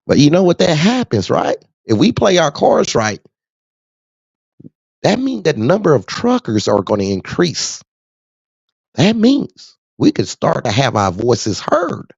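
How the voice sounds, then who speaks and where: Animated trucker man, lively pitch. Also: unhurried, gravelly, breathy edge, dry recording. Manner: animated, street slang, frequent laughs. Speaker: truck driver. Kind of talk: casual rant to camera. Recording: dull dry lo-fi sound.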